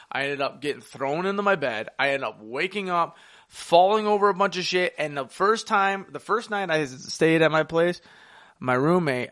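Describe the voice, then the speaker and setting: A young man, slightly high-pitched, chatting casually as a podcast co-host. He tells crude stories and bursts into loud quoted voices. The sound is dry and close, with no room around it. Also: no room sound. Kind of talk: casual chat.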